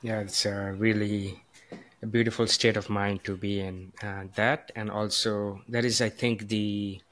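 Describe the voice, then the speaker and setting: Male podcast host, low, even-pitched, gentle and hesitant delivery. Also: unhurried. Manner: gentle, reflective, hesitant with frequent "uh" and "um". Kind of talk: casual podcast conversation.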